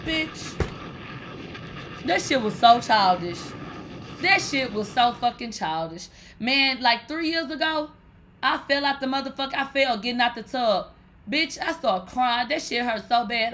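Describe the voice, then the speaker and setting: A woman with a high, bright voice chatting on her live stream. She rambles through stories to her viewers, full of "like" and profanity, and keeps addressing them as "bitch". Her talk is loose and animated. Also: a little slow. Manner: animated, profane, swears and calls listeners "bitch" often; rambling, with many fillers like "like". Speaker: livestream host. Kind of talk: casual storytelling to viewers.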